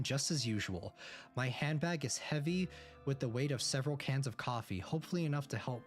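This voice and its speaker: A man streaming a game, reading its first-person narration aloud and breaking off for quick reactions. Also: mid-range voice, expressive, faint music behind. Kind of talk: reading a visual novel aloud with comments.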